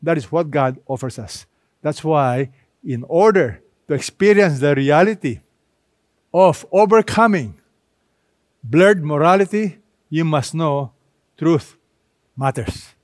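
A man pastor preaching a sermon, emphatic and repetitive, with dramatic pauses between phrases. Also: fairly high pitch, lively intonation, no room sound, clean studio sound.

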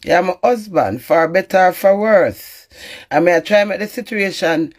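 A woman's voice: fairly low pitch, measured pace, darkish tone. A Jamaican woman in an emotional live-stream rant, pleading and emphatic and swearing often. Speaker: social media personality.

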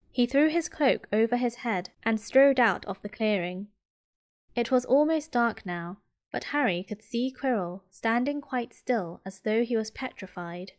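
A woman with a British accent reading a storybook aloud in a soft, gentle ASMR style. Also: medium pitch, animated, unhurried. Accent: British English. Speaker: audiobook reader.

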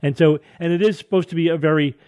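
A man's voice: a little high, fairly even intonation, quick pace, a little mellow, no room sound. A man hosting a podcast who explains things at length and thinks aloud, then introduces and questions a guest. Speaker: podcast host. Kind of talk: casual panel chat and interview.

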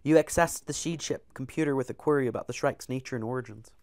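A man reading aloud and voicing a short, heavy, weary old king who talks softly in a hushed, half-whispered way. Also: medium pitch, fast, dry recording, pitched above the performer's own voice, lightly acted. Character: short fat old male king, soft-spoken and weary. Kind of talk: dramatic reading of a novel.

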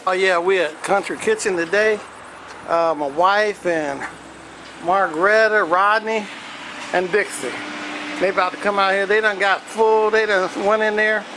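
A man's voice: high-pitched, fairly even intonation, unhurried. A man filming his family outside a restaurant, chatting casually and chuckling often as he narrates. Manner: chuckles often, easygoing drawl. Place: outdoors on a town street by a restaurant. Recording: street noise and wind outdoors.

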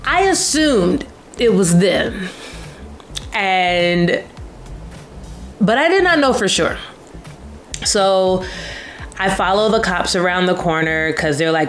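A young woman telling a travel story to camera in a casual, animated way, acting out voices. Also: lowish voice, takes it slowly, long pauses, soft background music. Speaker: travel vlogger.

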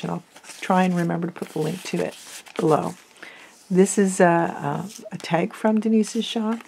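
A woman hosting a craft video, talking softly and fondly through a flip-through while losing her voice. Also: on the low side, gravelly, slight background noise. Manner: soft-spoken, fond, often drops to a near whisper. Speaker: crafting channel host. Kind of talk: casual journal flip-through.

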